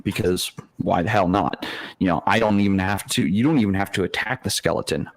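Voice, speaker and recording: Male DM panelist, low voice, dry close sound, rambling and animated. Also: dry recording. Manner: animated, explains with many restarts. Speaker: dungeon master panelist. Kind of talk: casual podcast discussion.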